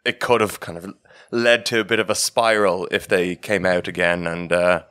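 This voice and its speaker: Male podcast co-host, slightly low voice, hesitant thinker who uses lots of fillers. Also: steady tone, moderate pace, a bit bright, clean tone. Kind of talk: casual chat.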